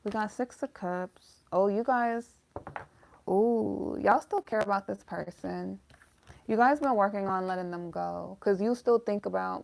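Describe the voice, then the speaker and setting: A woman's voice: mid-range voice, measured pace, creaky, darkish tone. A woman giving a casual, emotional tarot reading, talking straight to her viewers with some swearing. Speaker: tarot reader.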